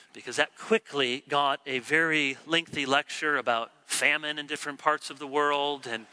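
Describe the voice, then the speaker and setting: A middle-aged man preaching a sermon, acting out the complaints he quotes with lively swings in pitch and volume. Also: smooth. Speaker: pastor.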